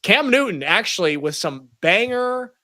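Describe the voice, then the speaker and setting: Bright, dry-voiced sports podcast guy. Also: sits high, no room sound. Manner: animated, jokey, quick asides. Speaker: podcast co-host. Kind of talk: casual sports talk.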